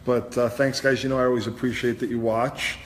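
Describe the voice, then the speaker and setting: A man's voice: medium pitch, level tone, fairly quick, a little hiss or hum. A man, a hairstylist and host, chatting as he teaches a live haircut demonstration and explains each step. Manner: chatty, explains steps as he cuts. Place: hair salon studio. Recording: echoey salon with long reverb, faint ambience.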